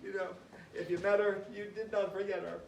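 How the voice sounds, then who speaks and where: A man's voice: sits high, little pitch movement, creaky, distant mic. Man giving a memorial toast, echoey room. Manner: chatty and self-mocking, halting with emotion, laughing through stories. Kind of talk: emotional memorial speech with funny stories. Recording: echoey room, speaker away from the mic, background noise.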